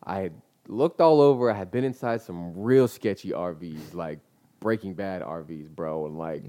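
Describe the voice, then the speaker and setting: A man's voice: sits low, normal speed, dark tone. Laid-back young man spinning a story. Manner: laid-back slang-heavy storytelling with many fillers. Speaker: guest business owner. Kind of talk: casual storytelling.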